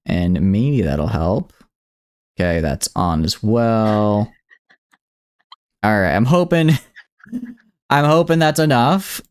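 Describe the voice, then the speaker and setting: Playful man with a lively voice. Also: on the low side, clean tone. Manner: playful, teasing, with stumbling restarts. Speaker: streamer and host. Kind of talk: casual stream chat.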